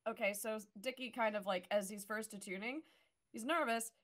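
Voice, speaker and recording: A woman's voice: fairly high pitch, normal speed, fairly bright tone. A woman player in an online tabletop game, chatting casually and explaining what her character does.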